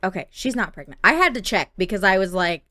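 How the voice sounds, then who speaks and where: A woman's voice: mid-range voice, lively intonation, fast talker, sharp tone, no echo. A young woman narrating her gameplay in a chatty, playful way. Her voice sits in the middle range. The sound is dry and close to the mic. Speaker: gameplay video host. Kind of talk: casual gameplay commentary.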